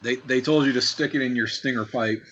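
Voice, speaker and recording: A man's voice: medium pitch, brisk, fairly bright tone, lo-fi sound, slight background noise. A man co-hosting a podcast, cutting in with wry, wordy asides in casual chat. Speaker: podcast co-host.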